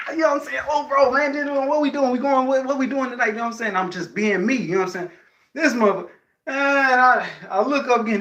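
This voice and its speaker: A man's voice: high voice, pushed and bright. A man telling a casual story to his viewers, heavy with slang and swearing and a constant "you know what I'm saying". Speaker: vlogger addressing viewers.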